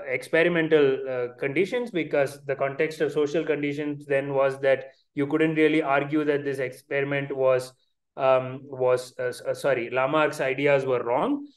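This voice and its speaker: Hesitant Indian-accented lecturer on a call. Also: male voice, fairly high pitch. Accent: Indian English. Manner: hesitant, many fillers and restarts. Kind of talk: online science lecture. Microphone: video call.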